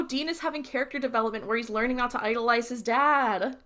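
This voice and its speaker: Young woman podcast co-host, casual recap, slightly high voice, animated delivery acting out lines. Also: quick pace, few pauses. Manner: animated, acts out characters' lines while recapping.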